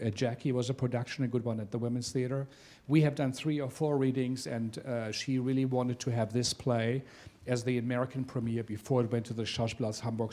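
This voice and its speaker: A man who directs a theater center, giving a welcome speech to an audience in a theater, halting often with filler sounds. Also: mid-range voice, a little mellow. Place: theater venue.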